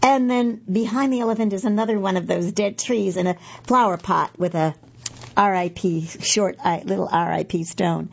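A woman's voice: mid-range voice, fairly even intonation, normal speed, vocal fry, husky, highs cut off. A middle-aged woman reading magazine pieces aloud for a podcast, chatty and correcting herself with asides.

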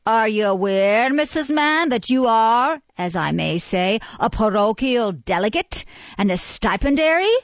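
A woman's voice: on the high side, expressive, dry recording. A woman playing a pompous parish beadle. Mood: indignant. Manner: pompous, slow, oratorical. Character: pompous, self-important male parish beadle. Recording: dull, muffled, dry recording.

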